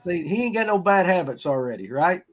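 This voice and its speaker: A man's voice: high voice, big pitch swings, brisk. A man hosting a casual fishing podcast, folksy and rambling. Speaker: podcast host.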